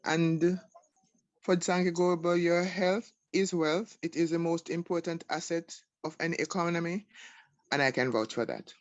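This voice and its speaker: A woman's voice: lowish voice, steady tone, normal speed, no room sound. Lady reading a slide on a call, kinda formal, muffled lo-fi audio. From Jamaica. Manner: formal, declamatory. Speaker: distributor presenting a slide. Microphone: video call.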